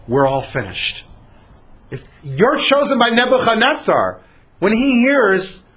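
A man doing a scheming army general who pleads and coaxes in a conspiratorial tone. His voice is husky and lively and swings up and down, as the storyteller acts him out. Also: on the high side, full character voice. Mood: urgent. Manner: urgent, then sly and coaxing.

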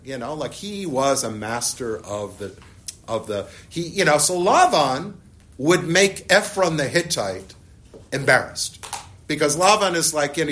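A middle-aged man teaching a Bible class, explaining the text and telling personal stories while asking his listeners questions. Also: mid-range voice. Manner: animated, storytelling, asks the class questions.

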